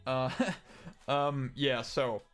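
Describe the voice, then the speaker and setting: A man's voice: mid-range voice, level tone, extremely slow, fairly bright tone, clear, resonant tone, faint music behind. A young man chatting casually on a livestream, answering viewer comments in a rambling way, with lots of fillers, restarts and casual swearing. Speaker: livestream host.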